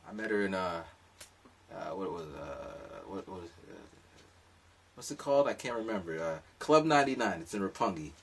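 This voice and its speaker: Raspy, animated man telling a story. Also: deep voice, normal speed, far from the mic. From lives in Japan. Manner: animated, rambling, comic asides. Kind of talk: casual storytelling monologue.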